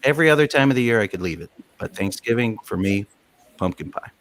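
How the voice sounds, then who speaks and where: A man co-hosting a casual chat over a video call, teasing and quick to laugh. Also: medium pitch, lively intonation, fairly bright tone. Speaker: co-host.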